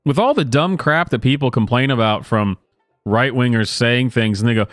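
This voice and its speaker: A man's voice: mid-range voice, moderate pace, no echo, clean studio sound, faint music behind. A man doing sarcastic reaction commentary, sardonic and incredulous, with chuckling asides. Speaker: online commentator.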